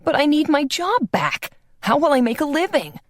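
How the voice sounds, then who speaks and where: A woman's voice: high-pitched, sing-song, normal speed, dry recording, clean studio sound, voice pushed up. A woman narrator voicing a petulant, vain young male dancer with a whiny, squealing delivery.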